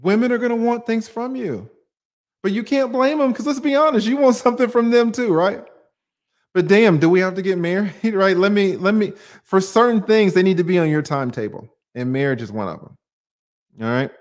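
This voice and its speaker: A man's voice: high-pitched, a little fast. A man hosting a livestream, talking emphatically to viewers, firing off rhetorical questions and casual swearing while he answers their comments.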